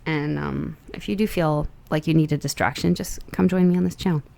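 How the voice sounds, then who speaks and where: A woman's voice: low-pitched, fairly even intonation, a little fast, creaky, warm tone, a little hiss or hum. A young adult woman giving a casual, chatty tarot reading, upbeat and rambling with plenty of fillers. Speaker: tarot reader.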